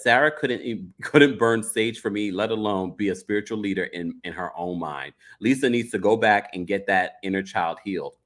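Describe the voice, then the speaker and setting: Host, male, chatty recap, lively swooping pitch, plays the cast in quick bits. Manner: animated, dramatic impressions of cast members. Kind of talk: casual recap chat reading super chats.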